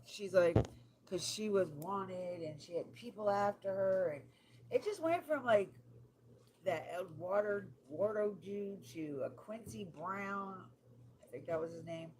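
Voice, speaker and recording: A woman at an everyday pitch chats casually on a stream while decorating cakes. She is blunt, swears freely and sounds fed up. Steady noise runs under her voice throughout. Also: a little slow. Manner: blunt, profane, exasperated. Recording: noisy home recording.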